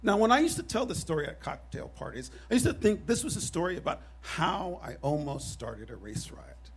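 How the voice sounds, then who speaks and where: A man in his fifties telling a personal story on stage at a live show, animated and wry with self-deprecating humor. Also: sits high, fairly quick, breathy edge.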